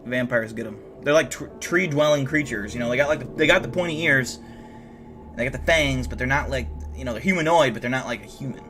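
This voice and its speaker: A tired, yawning young man hosts a livestream in a brisk, pushed, bright mid-range voice. He chats casually and profanely with viewers, reacting to their messages in a rambling way full of restarts.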